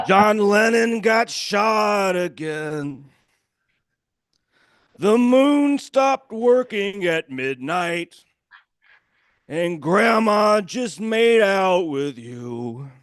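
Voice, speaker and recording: A growling gravel-voiced singer. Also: male voice, sits high, expressive, drawn-out words, long pauses, dry recording, clean studio sound, pitched above the performer's own voice, full character voice.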